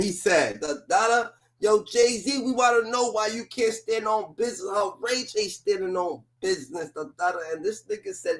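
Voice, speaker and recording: A man hosts a reaction commentary, ranting at a clip in a loud, profane stream. His voice sits high, and he keeps circling back to the same filler phrases. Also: very animated, normal speed. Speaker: commentary host.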